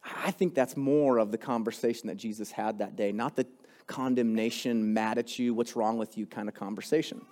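A young adult man preaching a sermon, telling a story in a casual, animated way that builds in intensity. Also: medium pitch, moderate pace. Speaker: pastor.

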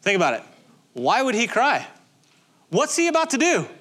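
A man's voice: very high voice, wildly swooping pitch, normal speed, pushed and bright. A male pastor preaching a sermon in a conversational, emphatic way, with many rhetorical questions.

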